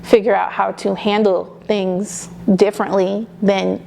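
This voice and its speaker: A woman's voice: medium pitch, flat delivery, unhurried, vocal fry, dark tone, a little hiss or hum. A young adult woman, a mother, talking candidly in a casual interview, with many fillers. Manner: chatty and candid, many "you know" and "like" fillers.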